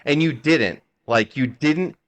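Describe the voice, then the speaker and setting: Male podcast host, heated, swears a lot, animated storytelling. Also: fairly high pitch, takes it slowly. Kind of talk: casual chat.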